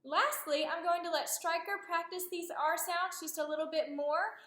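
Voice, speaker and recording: A woman's voice: very high voice, steady tone, normal speed, fairly bright tone, slight background noise. A woman speech therapist giving patient, encouraging instructions in a clinical demonstration. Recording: roomy echo.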